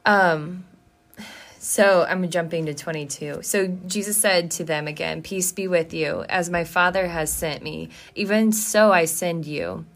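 A woman's voice: on the low side, a little slow. A woman co-hosting a casual Bible study chat, earnest and moved by the scripture she reads. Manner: earnest, gets emotional reading scripture. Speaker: co-host.

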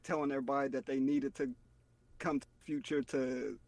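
Halting, unhurried man on a podcast. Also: medium pitch, fairly even intonation, darkish tone, no room sound, poor audio. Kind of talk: casual chat.

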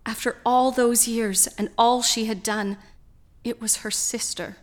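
A woman narrating a scripted story in a slow, measured way. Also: on the high side, fairly even intonation.

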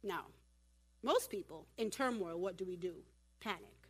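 A woman preaching at a church women's event, animated and humorous, talking directly to her audience. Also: fairly low pitch, moderate pace, husky. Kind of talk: sermon.

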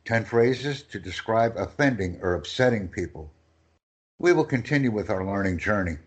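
A male English teacher working through lists of phrases, his pitch swinging widely as he stresses each one. He speaks slowly and deliberately, giving every phrase room before his student repeats it. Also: lively intonation. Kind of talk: language lesson, reading phrases for repetition.

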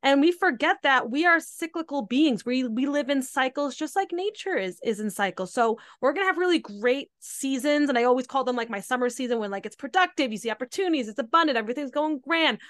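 A young adult woman hosting a casual podcast chat, with a slightly high voice. She talks loosely, leaning on "like" and "right?" as she goes. The sound is dry and close. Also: expressive, brisk, hardly any pauses, a bit bright, no room sound. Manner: chatty, filler-heavy, frequent "like" and "right?". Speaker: podcast host.

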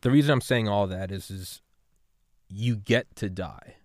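A man hosting a podcast in casual talk, rambling and swearing, sliding between quiet musing and loud fired-up pep talk. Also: lowish voice, a little slow, dry recording, studio quality. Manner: rambling, profane, swings from subdued to loud and fired-up. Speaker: podcast host. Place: home room with gaming setup.

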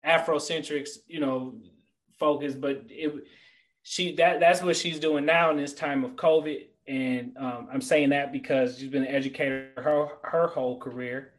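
A middle-aged man talking as a guest in a casual podcast chat, an animated storyteller who turns earnest and motivational. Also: mid-range voice, normal speed, rough recording.

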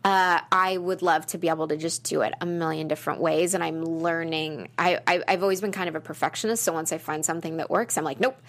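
Woman actor chatting in an interview, bit of vocal fry, rambly and lively. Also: low voice, quick pace, few pauses. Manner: chatty, animated, many fillers and restarts. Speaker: actress. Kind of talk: casual interview chat.

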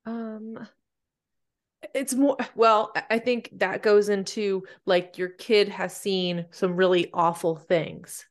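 A woman hosting a podcast, asking a question in a halting way as she searches for words. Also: mid-range voice, steady tone. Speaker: podcast host. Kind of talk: interview questions.

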